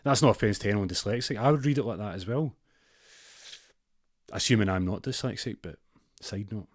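A Scottish man telling a rambling comic story with deadpan asides. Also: lowish voice, a little fast, no echo, studio quality.

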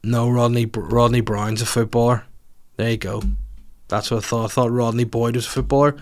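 A man's voice: mid-range voice, flat delivery, fairly quick. Male comic hosting a podcast, loose and foul-mouthed. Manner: crude, rambling, swears freely. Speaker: comedian and podcast host. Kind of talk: casual podcast chat answering listener questions.

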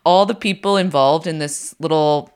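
A woman's voice: deep voice, moderate pace, smooth. A woman co-hosting a podcast in casual chat, teasing her partner dryly. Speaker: podcast co-host.

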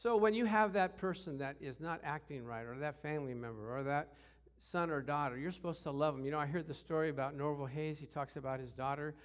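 A middle-aged man preaching a sermon through personal stories, acting out voices with shouts and growls. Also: a little high, fairly quick. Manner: animated, acts out quotes with shouts and growls. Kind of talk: storytelling sermon.

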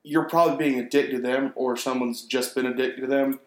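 A man's voice: mid-range voice, steady tone, fairly quick. A man in his twenties chatting casually, easygoing and thoughtful, hedging with fillers. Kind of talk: casual chat. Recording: echoey room.

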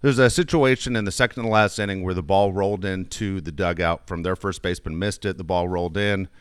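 A middle-aged youth baseball coach tells a long coaching story in casual chat, rambling through anecdotes with many restarts. His deep, clean-toned voice is steady and a little fast. The sound is clean studio audio with no echo.

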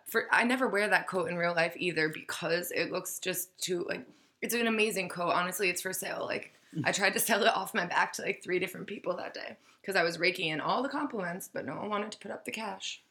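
A woman's voice: fairly low pitch, a little fast, bright, forceful tone. A woman casually telling a story, acting out the quoted voices and swearing freely.

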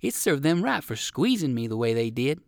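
A man's voice: mid-range voice, very animated, normal speed, gravelly, dry recording, studio quality. A man voicing a friendly young male dog in a storybook reading, talking in an eager, chatty way. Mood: grateful.

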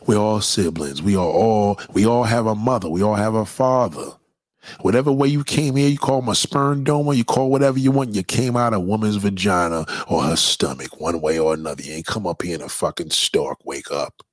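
A man's voice: lowish voice, a little fast, no echo, studio quality. A man delivering a profane, preachy rant straight at his audience. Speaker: commentator. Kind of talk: impassioned monologue rant.

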